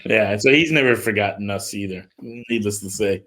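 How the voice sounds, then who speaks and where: A middle-aged man, a music promoter, casually telling an animated story on a livestream call, with lots of filler words. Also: on the low side, moderate pace.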